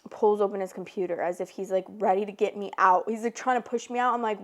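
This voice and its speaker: A woman in her twenties, hosting a podcast, telling a personal story in casual chat, full of "like" and lively retold dialogue. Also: mid-range voice, fast. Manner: chatty, frequent "like", animated retellings. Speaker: podcast host.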